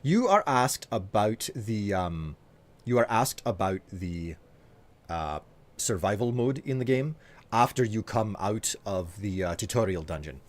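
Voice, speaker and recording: A man's voice: lowish voice, lively intonation, a little slow. A man with a Scottish accent, chatting as a streamer, reading and answering viewer messages with hesitant fillers. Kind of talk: live stream chat while gaming.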